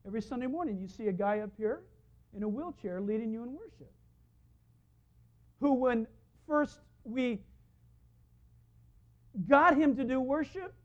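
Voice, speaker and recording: A pastor preaches with lots of rise and fall in his voice, animated and storytelling. He slips into the voices of the people in his stories. The recording sounds dull and lo-fi. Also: very high voice, measured pace, pauses often. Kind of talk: sermon.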